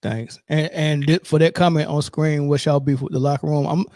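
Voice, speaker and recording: A man's voice: fairly high pitch, fairly even intonation, darkish tone, no room sound, clean studio sound. A man with a Southern country accent hosting a casual sports podcast, laid-back and full of fillers. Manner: laid-back, lots of fillers and drawn-out asides. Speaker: podcast host.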